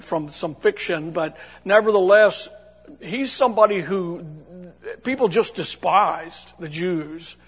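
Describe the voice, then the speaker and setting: Preacher, male, high husky voice, folksy and chatty, church hall with a long echo. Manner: folksy, conversational, many restarts. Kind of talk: sermon.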